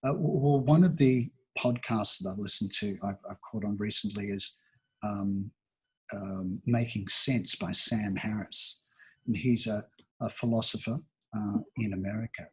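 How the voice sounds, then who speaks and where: Man, 60s, from Australia, airy and breathy voice, reflective interview guest. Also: fairly low pitch, unhurried, fairly bright tone. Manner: thoughtful, rambling, many restarts and fillers. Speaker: talent agency founder, guest.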